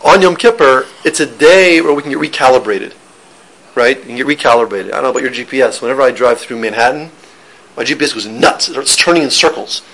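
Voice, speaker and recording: A man's voice: mid-range voice, fast, fairly bright tone, low-quality recording. A man giving an informal Torah lesson, talking conversationally with restarts and joking with listeners. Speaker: teacher giving a Torah class.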